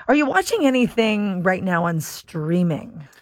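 A woman's voice: mid-range voice, sing-song, a little slow, no room sound. A woman hosting a radio talk show, chatting in a playful, casual way. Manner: chatty, playful, laughing asides. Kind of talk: casual chat. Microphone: studio microphone.

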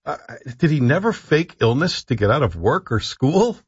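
A man hosting talk radio, his voice husky and a little breathy, delivering wry jokes and tongue-in-cheek advice. The sound is close and dry, with a muffled, slightly dull broadcast quality. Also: a little high, sing-song, normal speed, dry recording. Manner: wry, joking, mock-earnest advice. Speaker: radio show host. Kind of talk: casual talk radio banter.

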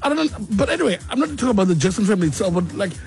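A man's voice: sits high, big pitch swings, very fast, a little mellow. A man hosting a breakfast radio show, teasing and laughing often as he chats. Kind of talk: casual joking studio chat. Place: radio studio.

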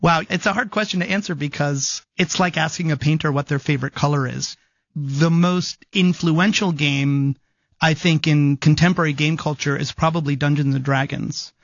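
A man's voice: fairly high pitch, steady tone, normal speed, no echo, lo-fi sound. A man, a game design professor, speaking thoughtfully and articulately in an interview. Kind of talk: interview conversation.

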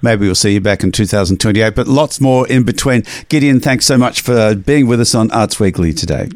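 A man hosting a radio arts interview, encouraging, with quick interjections. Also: lowish voice, darkish tone, dry recording. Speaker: radio arts show host.

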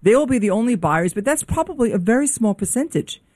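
Forceful New woman, alarmed. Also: on the high side, animated, no echo, clean studio sound. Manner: forceful, alarmed, rapid-fire points. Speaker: real estate commentator. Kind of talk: heated talk show discussion.

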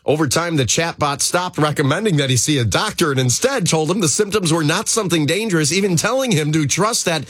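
A radio man rolls through odd news items in a casual, chatty way. His pitch sits a bit high for a man and swings widely. The studio sound is dry and close. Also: brisk, hardly any pauses, slightly rough, dry recording. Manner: reads odd news stories with lively asides. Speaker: radio news segment co-host. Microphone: studio microphone.

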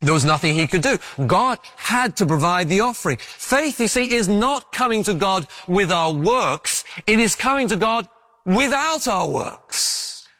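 A man preaches in a loose, conversational sermon style, and his fairly high voice rises and falls a great deal. He slips into the stories he tells and acts them out. The sound is close and dry. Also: a little slow, no echo. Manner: conversational and animated, acting out stories.

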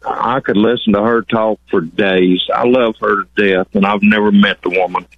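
A man's voice: on the low side, steady tone, moderate pace, no echo. A man calling in to a radio show, folksy and polite, calling the host sir. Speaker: caller. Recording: tinny phone line.

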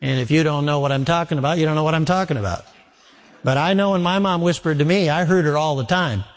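A man's voice: on the high side, quick pace. A man preaching a sermon as pastor, telling homely stories and repeating phrases for emphasis. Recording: long reverb of a large hall.

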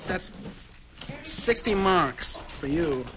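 Bossy German customs officer, fake German accent, higher-pitched man doing it, noisy vintage tape. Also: animated, extremely slow, full character voice. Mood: interrogating. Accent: put-on German. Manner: bossy, interrogating, breaks into laughter. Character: pompous stern male German customs officer. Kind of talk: improvised comedy sketch.

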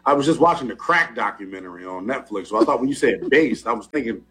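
A man co-hosting a show, teasing in casual banter, with his voice jumping up when he gets excited. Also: fast. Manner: animated, teasing, jumps up in pitch when excited. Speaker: co-host.

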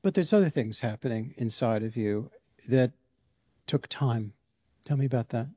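Mellow-voiced male interviewer, probing. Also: mid-range voice, normal speed, husky, dry recording, clean studio sound. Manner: probing, thoughtful. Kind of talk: interview questions.

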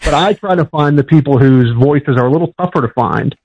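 A man's voice: a little high, fairly quick. A man from Pittsburgh, a historian answering interview questions in a plainspoken, explanatory way with frequent fillers. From Pittsburgh, USA. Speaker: historian guest. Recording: dull lo-fi sound.

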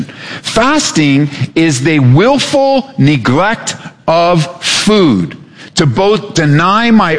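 Preaching man in a reverberant church. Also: fairly high pitch. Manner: animated preaching with repetition and dramatic pauses. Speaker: pastor. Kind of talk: sermon. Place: church sanctuary. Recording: long hall reverb.

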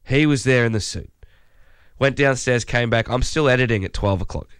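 A man co-hosting breakfast radio, telling a story in a lively way and laughing as he goes, his voice a bit croaky. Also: medium pitch, moderate pace, dry recording, clean studio sound. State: slightly croaky voice. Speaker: radio co-host. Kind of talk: casual breakfast radio chat.

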